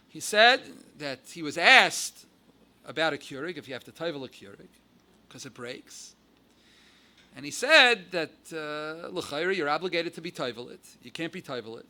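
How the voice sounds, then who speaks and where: A man from the United States with an American accent mixed with Yiddish and Hebrew terms, giving a halacha lecture with animated, rising emphasis. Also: high-pitched. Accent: American English with Yiddish and Hebrew terms. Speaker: rabbi giving a Torah class.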